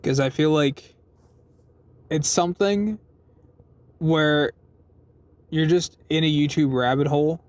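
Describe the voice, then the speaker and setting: Speaking slowly and pausing often, a young man with a fairly high voice vlogs from his parked car on a phone, with no echo in the sound. It's casual and rambling, self-deprecating, with frequent fillers and curse words.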